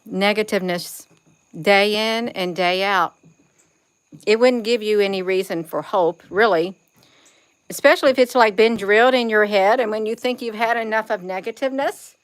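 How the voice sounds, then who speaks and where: Rambling woman talking to viewers. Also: medium pitch. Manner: rambling, repeats phrases, addresses viewers as "you all". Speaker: vlogger. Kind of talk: casual spiritual monologue.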